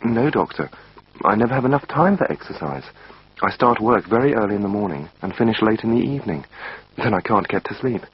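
A man's voice: on the low side, lively intonation, a little fast, slightly rough, pitched above the performer's own voice. A man voicing a worried, overworked male patient who speaks anxiously, reading a textbook dialogue. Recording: dull lo-fi recording.

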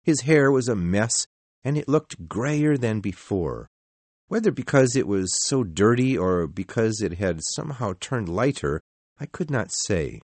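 Man narrating a story, very expressive. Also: on the low side, no echo. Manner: measured, expressive reading.

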